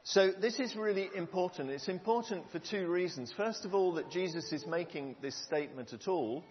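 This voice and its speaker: The preacher's voice sits high with lively intonation at a normal pace. Speaking earnestly and conversationally to his congregation, he asks the room questions; the audio is dull and lo-fi, with long hall reverb and slight background noise.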